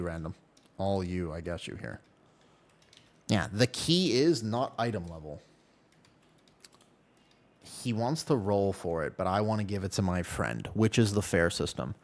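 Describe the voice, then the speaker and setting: A man streaming a game live, chatting casually and animatedly with his viewers, with keyboard typing behind him. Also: lowish voice. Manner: chatty, animated, talks to chat by name. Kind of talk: casual live-stream chat while gaming.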